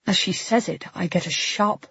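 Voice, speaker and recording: A woman narrating a first-person audiobook with a husky, breathy tone and a tense, intimate delivery. The recording is dry and close, slightly dull at the top end. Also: lowish voice, normal speed, a bit bright, no echo.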